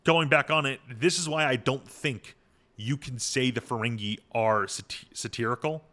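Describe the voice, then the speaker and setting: A man's voice: mid-range voice, normal speed, sharp tone. A man co-hosting a podcast, rambling through an episode recap and acting out quoted lines in funny voices. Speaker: podcast co-host. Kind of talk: casual chat recapping a TV episode.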